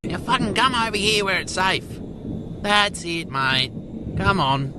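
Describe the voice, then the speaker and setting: A man, swearing constantly and shouting encouragement at a friend. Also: high-pitched, animated, measured pace, loud music behind the voice. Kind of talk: panicked banter amid chaos. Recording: loud background noise.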